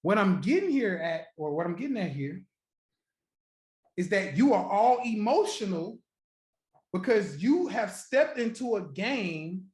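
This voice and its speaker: A man hosting a trading livestream, chatting casually and profanely with viewers, joking, laughing often and repeating his points slowly. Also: high-pitched. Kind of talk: casual live-stream chat with viewers. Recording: roomy echo.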